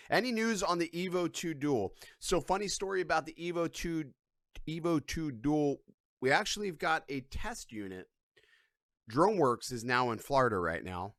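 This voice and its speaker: A man's voice: a little high, big pitch swings, moderate pace, fairly bright tone, no room sound, studio quality. A man hosting a casual live stream, rambling in a profane, irreverent way from his couch at home. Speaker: livestream host.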